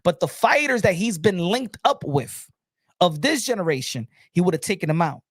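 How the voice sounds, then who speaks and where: A man's voice: high voice, big pitch swings, normal speed, husky, dry recording, clean studio sound. Heated, profane male boxing ranter. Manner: heated and profane, voice rising to shouting; repeats words in bursts. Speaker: boxing commentator. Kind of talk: opinionated commentary rant.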